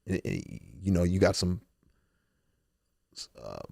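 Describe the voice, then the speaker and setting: A man with a fairly low voice speaks candidly as an interview guest. He is earnest and emotional, repeats words and quotes his own thoughts aloud. The sound is dry and close. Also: sing-song, slow pace, creaky, darkish tone, no echo. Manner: loose, repeating words and restarting phrases. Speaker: podcast guest, rapper.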